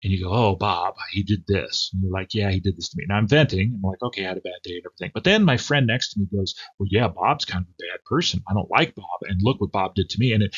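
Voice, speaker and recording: A man's voice: lowish voice, breathy edge, lo-fi sound. A man, a pastor, giving a devotional, reading scripture and then speaking off the cuff with fillers. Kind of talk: devotional sermon.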